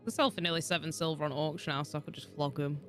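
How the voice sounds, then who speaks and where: A woman's voice: sits low, fast. Chatty Yorkshire woman streaming a game. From Yorkshire, England. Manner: chatty, rambling, swears freely, frequent laughter. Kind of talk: casual livestream chat while gaming. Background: soft background music.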